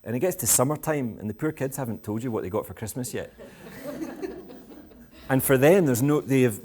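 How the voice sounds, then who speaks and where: A man's voice: medium pitch, brisk, long pauses, a little mellow. A Scottish man giving a talk to school parents in a playful, provocative, self-mocking way. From Scotland. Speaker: education speaker. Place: school event with live audience.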